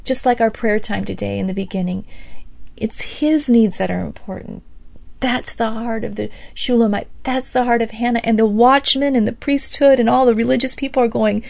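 A woman giving a sermon-style Bible teaching, animated, acting out the people she quotes and laughing between phrases. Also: on the high side, moderate pace, gravelly, no room sound. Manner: animated, acts out quoted speakers. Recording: dull, lo-fi, dry.

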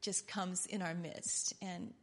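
A middle-aged woman giving a rambling, earnest, informal sermon that builds to loud, impassioned preaching. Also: lowish voice, flat delivery, slow.

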